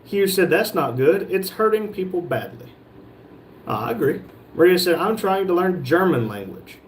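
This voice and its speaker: A man from North Carolina, USA, hosts a casual livestream, reading viewer comments aloud and joking back at them. His voice is high and sing-song at a normal speed, with a slight hiss or hum underneath.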